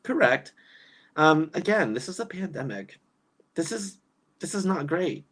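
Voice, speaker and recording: A woman's voice: sits low, sing-song, measured pace. A woman doing casual livestream commentary, reading chat and ranting in an exasperated way with frequent laughs.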